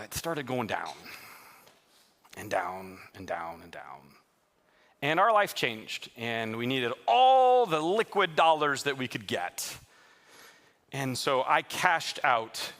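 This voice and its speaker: A man preaching a sermon as a pastor to his live congregation in a church, telling stories in a lively way and teasing the listeners with jokes. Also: medium pitch, slight background noise. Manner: lively, joking storyteller who teases the congregation.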